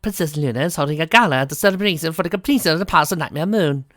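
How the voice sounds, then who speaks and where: A woman's voice: deep voice, rapid-fire, no echo, clean studio sound. Sarcastic woman reading fan fiction aloud. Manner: sarcastic asides. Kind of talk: dramatic reading with commentary.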